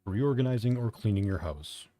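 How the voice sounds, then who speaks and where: A man's voice: lowish voice, animated, normal speed, warm tone, no room sound. A young man streaming from home, chatting casually, swearing freely and poking fun at himself. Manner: profane, offhand, self-mocking. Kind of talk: casual live-stream chat.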